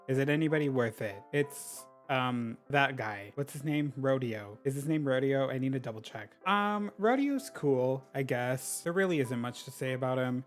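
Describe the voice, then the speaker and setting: A man's voice: medium pitch, moderate pace, hardly any pauses, soft background music. A young man giving casual, dramatic gameplay commentary as a YouTuber, chatty and swearing freely. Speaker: gaming YouTuber.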